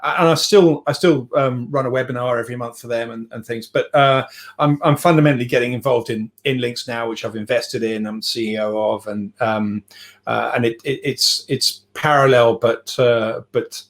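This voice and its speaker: A man's voice: medium pitch, fairly even intonation, moderate pace. Middle-aged guy chatting on a podcast, rambly, keeps restarting sentences, joking about himself. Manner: rambling, self-deprecating, frequent restarts and fillers. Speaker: podcast guest, software CEO. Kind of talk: casual podcast chat.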